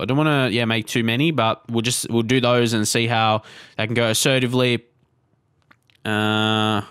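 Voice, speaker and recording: A man's voice: mid-range voice, fairly bright tone. A young man hosts a live let's play of a football management game, narrating every choice in a casual, rambling way. He moves between hopeful chatter and frustrated outbursts, swearing when things go wrong. His mid-range voice sounds dry and close, with no room echo. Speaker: gaming channel host.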